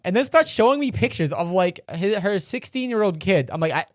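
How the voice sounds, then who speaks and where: Animated young man telling a story. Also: high voice, brisk, hardly any pauses, dry recording, clean studio sound. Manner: animated, acts out quoted voices. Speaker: podcast co-host. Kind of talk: casual storytelling chat.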